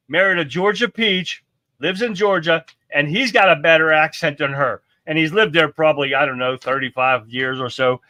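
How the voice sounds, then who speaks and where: A man's voice: a little high, pushed and bright, dry recording. A middle-aged man hosting a live stream, giving blunt, profane political commentary and reading viewer comments aloud.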